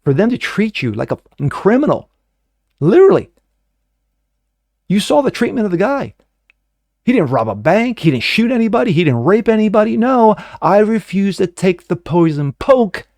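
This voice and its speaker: A middle-aged man hosting a political commentary show, ranting with heavy profanity, swinging from loud outbursts to low muttering and mocking the people he quotes. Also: sing-song, normal speed, long pauses, no room sound, clean studio sound. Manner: mocking put-on voices when quoting others. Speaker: host.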